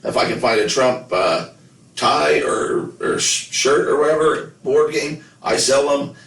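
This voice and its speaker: A man's voice: mid-range voice, expressive, measured pace, a bit bright, echoey room, distant mic, low-quality recording. A man co-hosting a podcast, chatting casually and telling joking, rambling stories. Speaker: podcast co-host. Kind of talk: casual chat.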